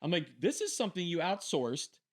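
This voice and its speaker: A man co-hosting a casual podcast, telling long stories and slipping into quoted voices as he goes. His speech is quick, and his pitch swings widely and lively, sitting a bit above the usual male range. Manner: animated storyteller, acts out quoted voices. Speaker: podcast co-host. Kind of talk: casual chat.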